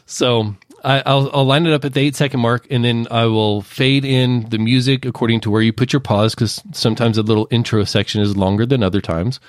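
A man working as an associate producer, calmly walking through his podcast editing process step by step in a casual chat. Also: medium pitch, brisk, hardly any pauses, dry recording, clean studio sound. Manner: detailed, methodical step-by-step explaining.

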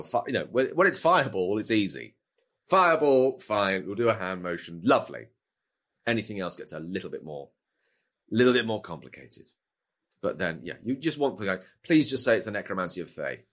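A man's voice: sits low, expressive, a little fast. Rambling middle-aged British man. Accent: British English. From Britain. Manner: rambling, self-interrupting with repeated words. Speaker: actor guest. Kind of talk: casual interview chat.

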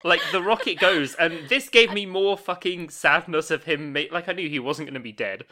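Man, podcast co-host, bright forceful voice, laughing recap, casual swearing. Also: fairly high pitch, moderate pace. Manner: animated storytelling, laughing, swears. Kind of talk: casual chat.

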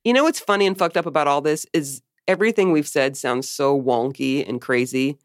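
A woman's voice: sits low, brisk, dry recording, clean studio sound. A woman co-hosting a podcast in casual chat, joking, laughing often and swearing freely. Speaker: podcast co-host.

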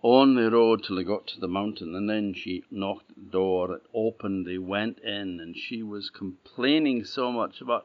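A middle-aged man with an Orkney Scots accent telling a folktale in a relaxed, plain-spoken way. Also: lowish voice, moderate pace, few pauses. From Orkney, Scotland. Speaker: storyteller. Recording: dull, slightly muffled audio.

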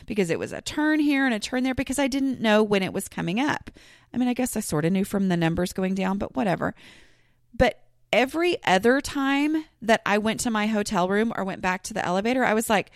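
A woman's voice: mid-range voice, expressive, brisk, no room sound, clean studio sound. Chatty woman podcaster. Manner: chatty, rambling, frequent fillers and restarts. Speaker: podcast host. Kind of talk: casual solo podcast talk.

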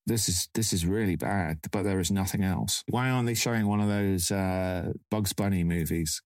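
A man's voice: deep voice, normal speed, darkish tone, no echo, studio quality. A man hosting a casual chat, musing and meandering as he recalls things. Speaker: podcast host.

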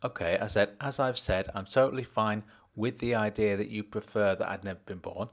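Deadpan man narrating a story. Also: on the low side, fairly quick. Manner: dry, matter-of-fact, deadpan first-person narration. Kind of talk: audiobook narration.

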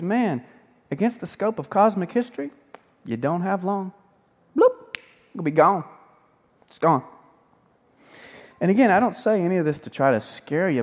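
Animated pastor in an echoing hall. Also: male voice, high voice. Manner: lively, joking, swings between loud and hushed. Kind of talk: sermon. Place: large church hall. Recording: sermon in a reverberant church hall.

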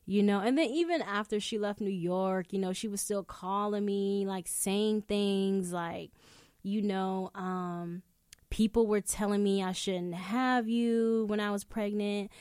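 A young adult woman hosting a podcast, telling stories in casual chat, animated and swearing freely. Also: medium pitch, unhurried, clear, resonant tone, no echo, clean studio sound. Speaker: podcast host. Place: indoor room.

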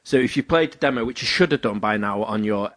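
A man's voice: lowish voice, quick pace, fairly bright tone. Rambling man from Ellesmere Port. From Ellesmere Port, England. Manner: rambling, full of "like" and "um". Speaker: podcast co-host. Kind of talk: casual chat.

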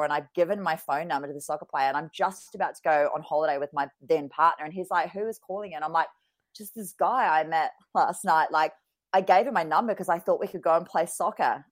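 Low-voiced woman, frank and earnest. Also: fast talker. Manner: frank, earnest, swears casually. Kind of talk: casual podcast chat.

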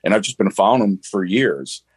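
A man guesting on a podcast, talking about a film with halting enthusiasm in casual chat. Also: lowish voice, lively intonation, slightly rough, dry recording. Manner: enthusiastic, halting, many restarts.

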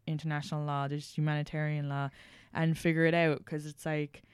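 A young adult woman hosting a podcast in casual chat, rambling with frequent restarts and an animated delivery. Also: low voice, a little fast, smooth, no echo, studio quality. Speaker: podcast host.

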